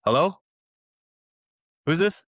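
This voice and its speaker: A man's voice: on the high side, lively intonation, takes it slowly, fairly bright tone, no room sound, studio quality, voice pushed up, exaggerated voice. A man voicing a drowsy male landlord answering a late phone call, startled and then friendly. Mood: groggy. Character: groggy middle-aged male landlord woken on the phone.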